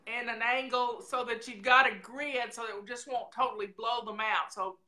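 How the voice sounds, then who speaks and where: A woman's voice: on the high side, steady tone, normal speed, pushed and bright. A woman hosting a casual livestream, chatting in a folksy, rambling way straight to her viewers. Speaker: show host.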